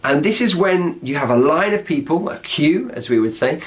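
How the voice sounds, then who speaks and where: A man's voice: fairly high pitch, expressive, moderate pace. A man with a British accent, explaining slang words in a chatty, teacherly way and acting out example phrases. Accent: British English. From Britain.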